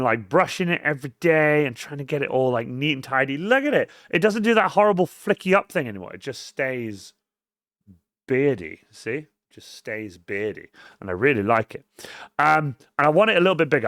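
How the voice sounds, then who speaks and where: A man hosting a cosplay live stream, rambling and swearing freely, swinging between mumbles and loud outbursts. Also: medium pitch, dry recording, clean studio sound. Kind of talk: casual live-stream chat.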